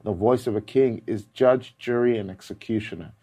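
A man preaching a sermon, counting off numbered points, quoting scripture and swinging between loud, emphatic lines and hushed ones. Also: fairly low pitch, normal speed, slightly rough.

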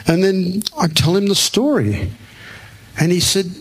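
In a church hall before an audience, a man preaches a sermon, telling a personal story and acting out what the other people said. His voice is high-pitched, expressive and husky, at a normal speed.

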